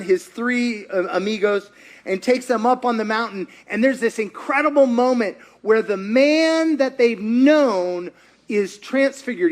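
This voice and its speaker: Male pastor, middle-aged, high voice, animated storytelling sermon that acts out the characters and questions the crowd. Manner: animated storyteller, acts out quotes, asks the audience.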